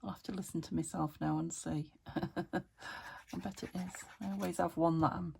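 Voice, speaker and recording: Gravelly British woman thinking aloud. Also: fairly low pitch, fairly even intonation, normal speed, heavy background noise. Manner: chatty, thinking aloud, drifting into whispers. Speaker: craft vlogger. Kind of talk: casual narration while crafting.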